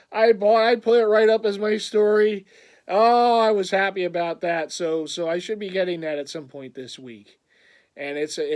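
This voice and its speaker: A man talks in a casual vlog, his voice sitting high for a man. He rambles and gets excited easily, breaking into frequent laughter. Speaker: vlogger.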